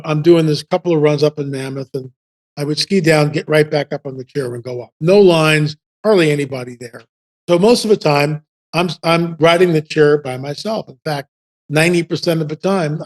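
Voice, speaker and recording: A man in his seventies, a podcast guest telling casual stories in an animated, rambling way full of restarts. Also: on the high side, moderate pace. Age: 70s. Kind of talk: casual storytelling.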